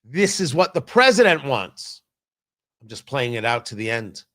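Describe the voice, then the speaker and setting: A man's voice: mid-range voice, big pitch swings, moderate pace, pushed and bright. A man hosting a talk show, giving an opinionated and emphatic political commentary monologue with a mocking edge at times.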